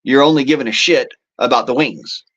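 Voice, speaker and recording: A man's voice: mid-range voice, brisk, fairly bright tone, dull audio. A man hosting a casual political monologue, talking in a rambling, profane way with folksy turns of phrase. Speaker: show host.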